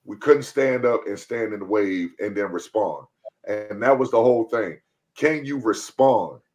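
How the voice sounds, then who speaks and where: This man co-hosts a sports podcast and talks casually in a laid-back way, repeating his points and phrases and getting loud when riled up. His voice sits lowish, with an expressive quality and a measured pace.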